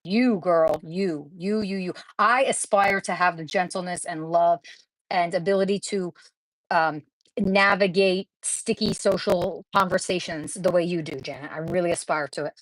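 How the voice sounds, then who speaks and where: A woman's voice: on the low side, moderate pace, dry recording, low-quality recording. A woman hosting a craft livestream, chatting casually with viewers and gushing over the crafts she opens, in a rambling way. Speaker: craft channel host.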